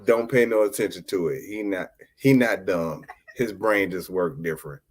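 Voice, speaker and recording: A man's voice: low voice, moderate pace. A man hosting a podcast, telling a story in casual chat and laughing often as he talks. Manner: laughs often while talking, animated and joking. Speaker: podcast host.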